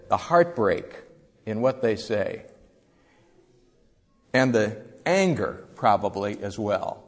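A man's voice: mid-range voice, a little mellow. A man giving a Bible lesson with slides, explaining in a conversational teaching manner. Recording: echoey hall with long reverb.

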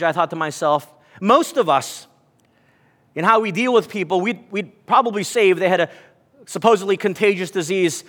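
A man's voice: high-pitched, fairly bright tone, long reverb tail. A man preaching a sermon to his congregation, telling stories and reading scripture aloud. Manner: storytelling, reads scripture aloud, addresses congregation. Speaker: pastor.

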